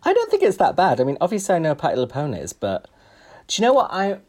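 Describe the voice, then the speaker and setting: A man co-hosting a podcast, talking in an expressive, self-mocking way. His pitch moves all over the place as he chats casually. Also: fast talker. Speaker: podcast co-host. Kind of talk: casual chat.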